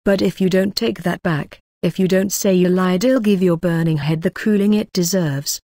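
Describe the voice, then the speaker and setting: A woman's voice: on the low side, fairly even intonation, normal speed, mellow, no echo, studio quality. A woman reading the part of a young man in an audiobook, speaking in a hard, cold, clipped way. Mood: enraged. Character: young man, furious and tightly restrained.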